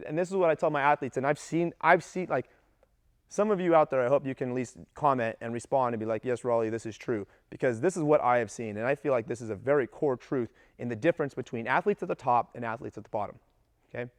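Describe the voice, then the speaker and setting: A man coaching gymnastics coaches in a casual talk, lively and acting out what his athletes say. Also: medium pitch, quick pace, dry recording. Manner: animated, acts out athletes' voices in quotes.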